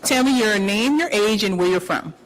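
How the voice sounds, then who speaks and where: A woman's voice: medium pitch, moderate pace, poor audio. A woman hosting a dating show, asking contestants questions in an upbeat, encouraging way.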